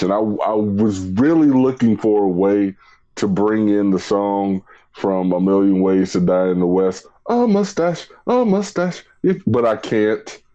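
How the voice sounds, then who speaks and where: A man co-hosting a casual chat, easygoing and deliberate. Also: on the low side, mellow. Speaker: podcast co-host. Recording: dull lo-fi mic.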